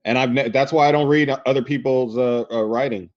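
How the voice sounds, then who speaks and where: A man's voice: mid-range voice, fairly even intonation, brisk, darkish tone, muffled recording. A man guesting on a podcast, chatting loosely as a comics writer and editor with profane, laughing banter. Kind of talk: casual podcast chat.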